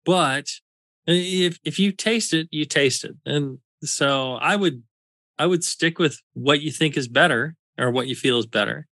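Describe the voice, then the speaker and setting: A man's voice: on the high side, measured pace, sharp tone, no room sound. A man hosting a casual podcast chat, explaining in a chatty way with many fillers. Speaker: podcast host.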